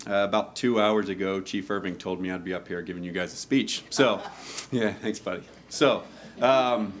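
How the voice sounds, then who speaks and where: Joking fire lieutenant, low voice, halting. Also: male voice, slight background noise. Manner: joking, candid, halting with fillers. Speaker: fire lieutenant giving a speech. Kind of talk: informal ceremony speech. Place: hall at a ceremony before an audience.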